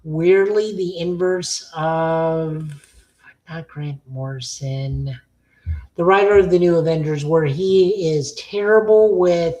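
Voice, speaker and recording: A woman's voice: deep voice, slow pace, mellow, lo-fi sound. A woman co-hosting a podcast, giving opinionated casual takes with lots of fillers. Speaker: podcast co-host. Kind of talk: casual chat reviewing comics.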